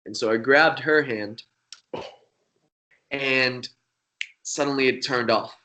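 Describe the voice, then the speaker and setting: A young man tells a story in a casual, rambling way. His voice is bright and forward, and he swears freely as he goes. He talks at a middle pitch. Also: slow pace. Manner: profane, rambling, animated. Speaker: magician guest.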